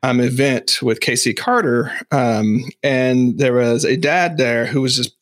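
A man's voice: mid-range voice, a little slow. Podcast guest man, reflective, explaining, easy laughs between points. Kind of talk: casual chat.

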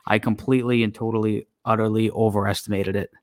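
A man's voice: on the low side, little pitch movement, fast talker, no room sound, clean studio sound. A man co-hosting a sports podcast, speaking in a casual, plainspoken way. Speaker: podcast co-host.

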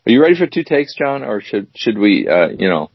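A man co-hosting a casual chat show, teasing his co-host and reading word definitions out slowly. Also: fairly low pitch, big pitch swings, gravelly, a little hiss or hum. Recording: dull dry lo-fi recording.

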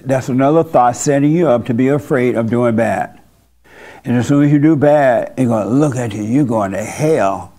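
A man's voice: mid-range voice, normal speed, warm tone. A male pastor speaking to his congregation in a loose, conversational way. His delivery is blunt and folksy, full of casual asides and direct questions to the room. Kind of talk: informal church talk with congregation.

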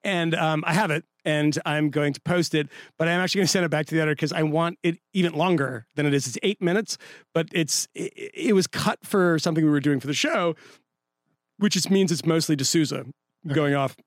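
Man, podcast co-host, drunk and joking, high-ish voice, dry studio sound. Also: brisk, no room sound. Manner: loose, joking, swearing, tipsy. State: drunk, hiccuping. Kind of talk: casual chat.

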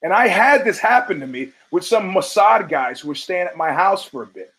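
A podcast host tells stories in a casual, foul-mouthed monologue, acting out the people he quotes. His voice is high-pitched, expressive and a bit bright, moving at a moderate pace. The recording quality is low.

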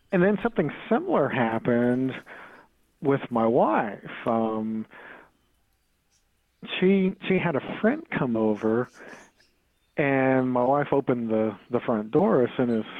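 Halting man telling a story on lo-fi audio. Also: mid-range voice, no room sound. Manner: halting, repeats words and restarts often; chuckles through the story. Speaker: podcast guest telling a haunting story. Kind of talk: casual storytelling. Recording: dull lo-fi audio.

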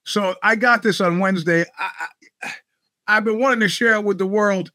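A male podcast host delivers a casual monologue of rambling, sardonic stories packed with profanity. His voice sits high and sounds pushed and bright, at a moderate pace, recorded in studio quality with no room sound.

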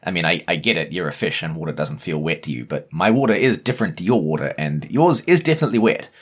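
A man's voice: low voice, expressive, quick pace, slightly rough. A man with a New Zealand accent, co-hosting a podcast in a casual, emphatic discussion. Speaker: podcast co-host.

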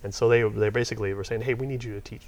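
A middle-aged man, a software company owner telling stories in a casual interview, rambling and getting worked up as he goes. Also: lowish voice, very fast. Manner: rambling, animated, gets worked up retelling.

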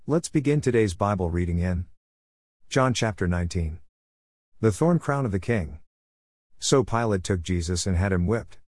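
A man hosting a daily Bible reading podcast, reading scripture aloud in a steady, earnest voice after a short prayer. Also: on the low side, no room sound, studio quality.

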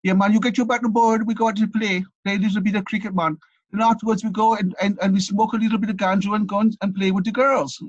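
A man's voice: sits high, steady tone, fast talker, no room sound, highs cut off, pitched above the performer's own voice. A man imitating a cheeky Jamaican teenage boy. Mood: cheeky, inviting. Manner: playful, sing-song impression.

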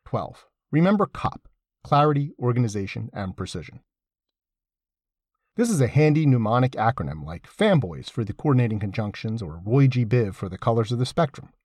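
A man's voice: mid-range voice, big pitch swings, normal speed, a little mellow, dry recording, clean studio sound. A man reading his own essay aloud, with wry, sardonic asides and an emphatic delivery. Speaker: essay reader.

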